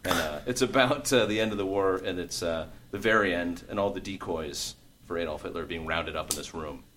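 A man with a deep, low voice talks casually as a podcast guest. He rambles and pauses a lot with uhs while describing his work. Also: a bit bright, a little hiss or hum. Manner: rambling, hesitant, with many uhs. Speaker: guest, comedian and voice actor.

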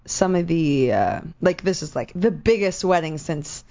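A woman co-hosting a radio show in casual chat, hoarse and raspy today, talking freely with lots of "like". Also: on the low side, expressive, mellow, lo-fi sound. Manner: chatty, lots of "like", quick asides.

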